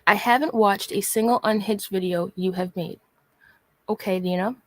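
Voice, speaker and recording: A woman's voice: medium pitch, fairly even intonation, normal speed, dry recording. A woman vlogger ranting in sarcastic, exasperated commentary, sighing and repeatedly calling out someone by name. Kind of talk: casual commentary rant.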